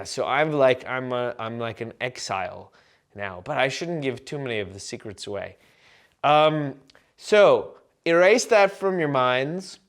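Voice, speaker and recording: A man vlogging to camera in a rambling, absurd comic monologue full of fillers and deadpan jokes. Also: medium pitch, clear, resonant tone.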